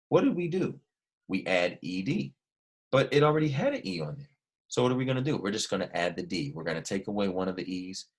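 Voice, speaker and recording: A man teaching a recorded language lesson, explaining patiently step by step and asking his students questions. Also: deep voice. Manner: slow, careful dictation with each word repeated.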